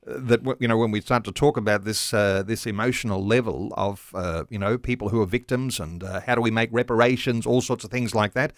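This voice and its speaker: A man hosting a talkback radio show, smooth and conversational as he steers the discussion. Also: lowish voice, brisk, few pauses, no room sound, studio quality.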